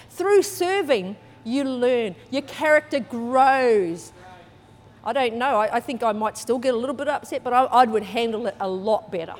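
Lively New woman preaching in a hall. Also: on the high side, normal speed. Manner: lively storytelling, acts out quotes, laughs often. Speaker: church speaker. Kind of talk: sermon with personal story.

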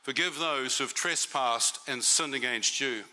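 A man's voice: mid-range voice, unhurried, pushed and bright. A man giving a testimony sermon to a church meeting, conversational and often asking the audience questions.

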